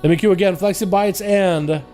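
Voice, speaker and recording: A man's voice: high voice, steady tone, moderate pace, mellow, soft background music. A young man with a slight Russian accent, a native Russian speaker, chatting casually as a gaming livestreamer. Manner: laid-back, chatty, fills with "yo", "dude" and "boys". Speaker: streamer.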